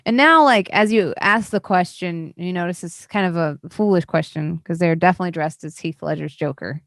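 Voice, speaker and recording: A woman's voice: fairly low pitch, a little fast, no echo, clean studio sound. A woman narrating as game master of a tabletop role-playing game, in a casual, loose way.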